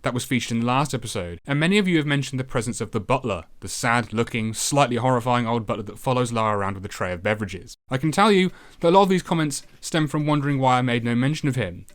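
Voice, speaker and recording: A man narrating a retro game review in a sardonic, deadpan voice, swearing freely as he picks the game apart. His pitch sits in an ordinary middle register, and his delivery stays dry and mocking throughout. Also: fast talker.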